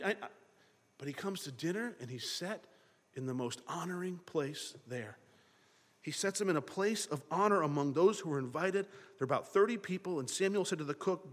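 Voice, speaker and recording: A man preaching a sermon in an animated way, acting out the thoughts of the people in his story. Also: fairly high pitch, moderate pace, long reverb tail. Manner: animated, acts out characters' thoughts in dialogue.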